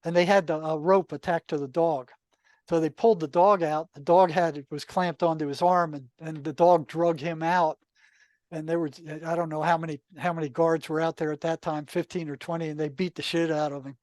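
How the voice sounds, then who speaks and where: Older man, raised pitch, dry close sound, casual storyteller, rambling asides. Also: a little fast, dry recording. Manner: relaxed, anecdotal, many asides and "you know". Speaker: podcast guest, retired psychotherapist.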